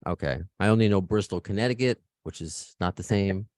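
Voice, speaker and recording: A man's voice: deep voice, brisk, darkish tone, no echo, studio quality. Joking American man hosting a podcast. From United States. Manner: joking, chatty, self-mocking. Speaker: podcast host. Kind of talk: casual chat. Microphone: video call.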